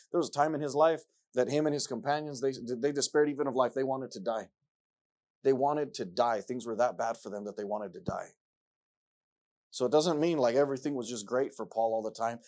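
A man preaching a sermon, repeating himself and rising from quiet passages to loud ones. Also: mid-range voice.

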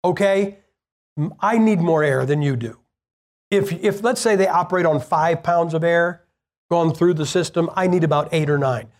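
An older male evangelist giving an informal, conversational sermon. His partly paralyzed vocal cords leave his voice breathy at the ends of sentences, and he often restarts his phrases. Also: on the high side, normal speed. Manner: conversational and plain-spoken, with repeated restarts. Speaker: evangelist preacher.

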